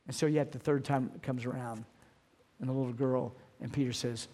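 A middle-aged man preaching a sermon, earnest and emphatic, slowing down to stress key phrases. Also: medium pitch, fairly even intonation, warm tone. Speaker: pastor.

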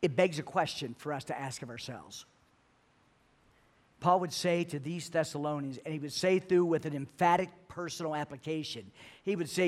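A middle-aged man delivers a sermon from the pulpit, his voice sitting a little higher than most men's. He speaks earnestly and stumbles into repeated words as he presses toward each point. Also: moderate pace. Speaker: pastor.

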